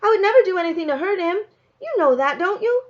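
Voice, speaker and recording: A woman's voice: extremely high pitch, lively intonation, quick pace, voice pushed up. A woman reading aloud, voicing an earnest, defiant young girl with an emotional, pleading manner. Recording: dull lo-fi recording.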